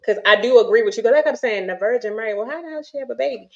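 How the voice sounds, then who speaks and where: A woman's voice: on the high side, racing, creaky, highs cut off, a crowd in the background. A woman in a casual chat, telling stories and often trailing off mid-sentence.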